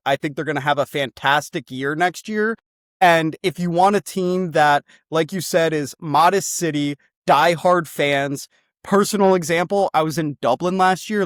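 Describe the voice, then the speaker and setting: A young man co-hosting a comedy show, pitching a football club in a rambling, excitable way and swearing freely. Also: no room sound, clean studio sound.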